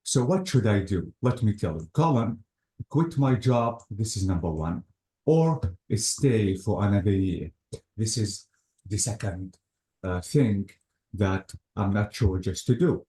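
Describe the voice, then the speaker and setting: A man with a lowish, mellow voice explains grammar rules, working through examples methodically and repeating his cue words. The sound is roomy and echoey. He is a patient teacher leading a lesson. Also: expressive, measured pace. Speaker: English teacher. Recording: echoey room.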